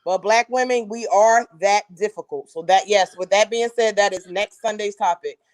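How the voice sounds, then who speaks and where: A woman co-hosting a casual podcast chat, telling stories in a lively, slangy way. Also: medium pitch, normal speed. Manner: animated storyteller, slangy and laughing. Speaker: co-host.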